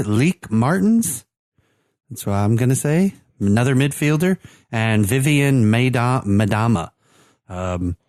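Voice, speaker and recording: A man's voice: mid-range voice, darkish tone, no echo. Chatty man, dry close sound. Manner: chatty, many fillers and restarts. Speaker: podcast co-host. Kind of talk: casual sports chat.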